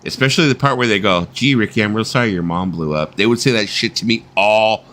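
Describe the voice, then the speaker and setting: Talking fast in a lowish, slightly bright voice, a middle-aged host runs a relaxed live-stream chat. He curses freely, laughs a lot and does voices during his stories.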